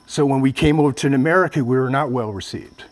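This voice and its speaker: A motivational speaker from Vietnam gives a public speech, earnestly sharing a personal story and speaking straight to the audience. His voice is medium-pitched and quick.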